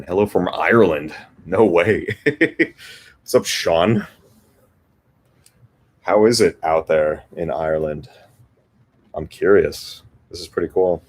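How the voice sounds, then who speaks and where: A man's voice: extremely low pitch, a little mellow. A young man casually chatting with viewers on a livestream, reading comments and joking around between songs. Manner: laid-back, joking, chuckles often. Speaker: livestream host and guitarist.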